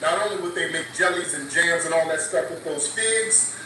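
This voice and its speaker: A man's voice: on the high side, normal speed. A man talking casually and earnestly about spiritual things, repeating his points and checking in with listeners. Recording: echoey and distant clip with noise.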